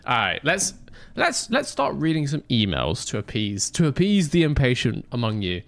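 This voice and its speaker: A man's voice: mid-range voice, huge pitch swings, a little slow, gravelly, a bit bright. A young man streaming a racing management game, chatting casually with joking banter and mock outrage. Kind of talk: casual live-stream chat.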